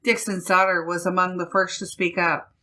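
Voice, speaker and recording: A woman podcast host reading a news article aloud in a slow, deliberate way. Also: fairly low pitch, little pitch movement, bright, forceful tone. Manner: slow, deliberate reading with laughs between phrases.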